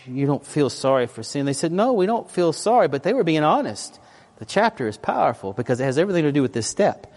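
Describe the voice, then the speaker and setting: A man preaching a sermon as a pastor. He tells personal stories in an animated, emphatic way that swings between loud and quiet. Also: mid-range voice.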